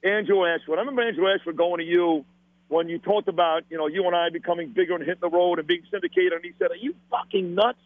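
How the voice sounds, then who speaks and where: A man's voice: sits high, fairly even intonation, quick pace, dry recording. Brash Brooklyn man on a tinny line. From Brooklyn, New York. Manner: blunt, profane, emphatic storytelling. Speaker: radio host, podcast guest. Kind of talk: candid casual conversation. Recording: dry tinny phone-line audio.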